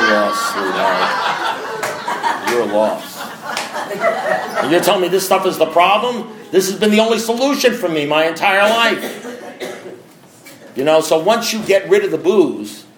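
Man, blunt and conversational, fairly high voice, roomy echo. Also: a little hiss or hum. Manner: blunt, conversational, acts out voices in his story. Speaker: speaker sharing a recovery story. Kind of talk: candid personal talk to an audience.

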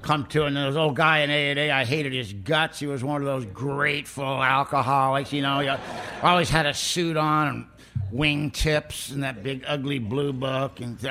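A man's voice: medium pitch, normal speed, gravelly, sharp tone. A middle-aged man, telling his own story at a recovery meeting in a raw, plain-spoken way. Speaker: recovery speaker.

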